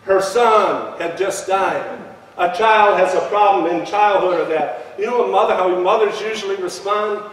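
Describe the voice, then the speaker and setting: A man with a fairly high voice preaches from the pulpit, leading his congregation to answer him aloud. His voice rings through a church sanctuary with a long, heavy echo. He sounds distant from the microphone. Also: normal speed, fairly bright tone. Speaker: pastor. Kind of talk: sermon with scripture reading. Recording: echoey church hall from far off.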